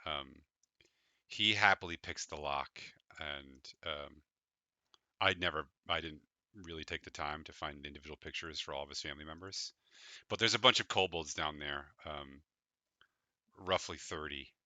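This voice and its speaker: A man's voice: extremely low pitch, normal speed, bright, forceful tone, dry recording. A man narrating as game master, with many hesitant fillers.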